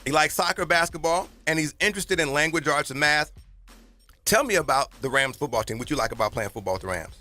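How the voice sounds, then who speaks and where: A man's voice: fairly high pitch, expressive, bright, forceful tone, soft background music. A man with a Southern Californian accent co-hosting a sports radio show in a studio, teasing and bantering in casual talk. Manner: playful, teasing, fast banter.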